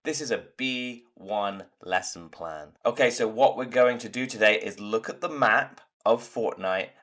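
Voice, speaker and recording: A man's voice: lowish voice, a little slow, fairly bright tone. A man teaching English vocabulary in an online lesson, upbeat and encouraging as he walks through the quiz answers. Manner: upbeat, encouraging, explains patiently. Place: lives in Turkey.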